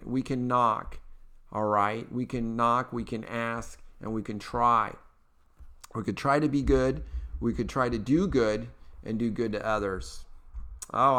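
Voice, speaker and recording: Hosting his own casual political talk podcast, a man with an Eastern Kentucky accent rambles chattily and upbeat, full of fillers and restarts. His mid-pitched voice sounds smooth, resonant, and a bit bright.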